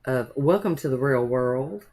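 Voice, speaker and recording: A woman's voice: very deep voice, animated, unhurried, mellow. A woman narrating a nail art tutorial in a chatty, rambling way, with homey asides to her viewers.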